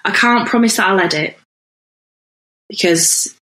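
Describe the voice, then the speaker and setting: A woman's voice: medium pitch, measured pace, bright, forceful tone. A woman co-hosting a podcast, chatting in an easygoing, agreeable way with rambling replies. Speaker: podcast co-host. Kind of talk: casual chat. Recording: roomy echo.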